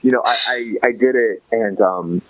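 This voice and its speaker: Man, thirties, rambling podcast guest, low voice, lo-fi dry sound. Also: moderate pace. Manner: rambling, full of fillers and restarts; emotional, swings between excited and somber. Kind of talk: casual interview chat. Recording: dull lo-fi dry recording.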